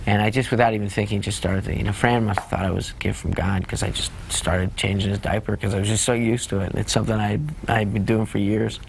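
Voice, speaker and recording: A man, an actor, reminiscing fondly in a making-of interview, halting and restarting often. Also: on the low side, flat delivery, creaky, a little hiss or hum. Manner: halting, fond, full of restarts.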